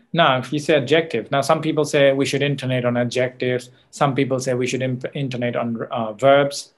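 A man teaching an exam coaching class in a classroom, with an Australian accent, emphatic, checking in with students often and correcting himself mid-sentence. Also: mid-range voice. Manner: frequent fillers and self-corrections. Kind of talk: classroom lecture.

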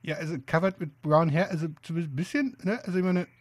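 A man giving amused, halting commentary while playing a game. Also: fairly high pitch. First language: German. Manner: amused, halting, many fillers. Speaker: let's player. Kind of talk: casual gameplay commentary.

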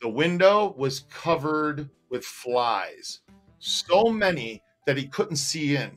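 A man co-hosting a casual livestream, telling stories with animated energy, often laughing and reading out viewer comments. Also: fairly high pitch, takes it slowly, faint music behind. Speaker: co-host. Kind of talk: casual livestream chat and storytelling.

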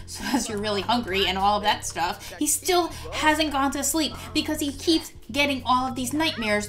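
High-voiced, giggly woman gamer. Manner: excitable, giggly, lots of ums and exclamations. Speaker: gameplay video host. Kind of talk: casual game commentary.

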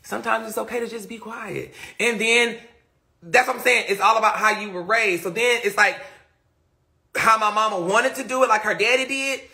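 A man's voice: sits high, moderate pace, vocal fry, pushed and bright. A young man hosting a live stream, talking in a casual, rambling way that often trails off into mutters and questions himself. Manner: reflective, self-questioning. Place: indoors, streaming from a phone. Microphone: phone mic.

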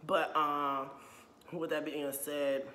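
A man's voice: a little high, flat delivery, slow pace, pushed and bright, slight background noise. Heated young man vlogging in echoey room. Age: young adult. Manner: heated, repeats "you know what I'm saying"; blunt and profane. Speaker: YouTuber. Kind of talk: casual opinion vlog. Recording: echoey room with long reverb.

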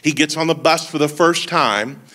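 A man's voice: fairly high pitch, normal speed, bright, forceful tone. A man preaching a sermon as lead pastor, telling stories with humorous asides and calling out to the congregation for responses. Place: church service.

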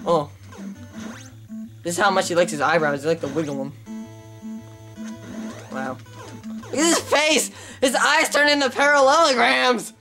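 A young woman giving casual gameplay commentary on her channel, excitable and trash-talking the opponents. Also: mid-range voice, moderate pace, pauses often, soft background music. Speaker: gaming channel host.

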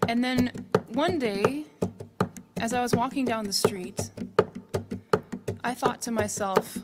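A woman from New Mexico, a singer-songwriter, chatting and telling a quick story between songs at a live concert. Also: a little high, very noisy. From New Mexico, USA. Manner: soft-spoken, quick storytelling. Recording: loud music playing behind. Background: instrumental music.

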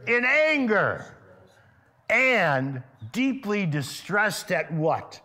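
A male pastor preaching a sermon in a church. He keeps asking his congregation questions and grows loud and emphatic when stirred. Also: sits high, sing-song, very slow. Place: church sanctuary.

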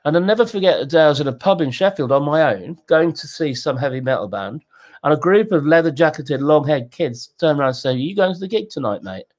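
A man in his sixties, a guest telling candid, animated stories in a conversational interview. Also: a little fast. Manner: animated, jumps in pitch, acts out quotes.

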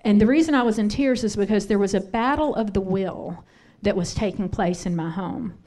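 A woman's voice: mid-range voice, normal speed, warm tone. Middle-aged woman, church speaker, candid storyteller, conversational sermon, asks the room questions. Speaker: pastor's wife teaching on parenting. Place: church sanctuary.

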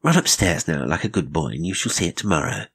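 A man voicing a gentle mother coaxing her son to bed. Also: a bass voice, sing-song, fast, breathy edge, full character voice.

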